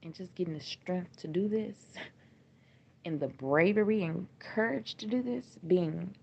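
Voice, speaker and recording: A grieving mother talking on a livestream in a raw, halting way, often repeating herself. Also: fairly low pitch, vocal fry, breathy edge. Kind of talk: emotional casual livestream talk. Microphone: phone livestream. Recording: dull lo-fi livestream audio, faint noise.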